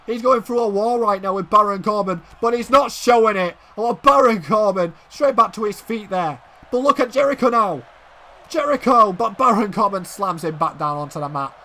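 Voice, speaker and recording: Excitable man calling wrestling play-by-play. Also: moderate pace. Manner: swings from low murmurs to shouted exclamations. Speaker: fan commentator of a wrestling video game.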